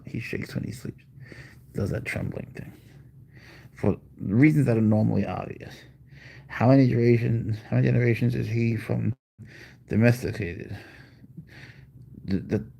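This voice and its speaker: A man's voice: on the low side, gravelly, mellow, husky. A man hosting a live stream about his pet, chatting casually and rambling through answers to viewers' questions.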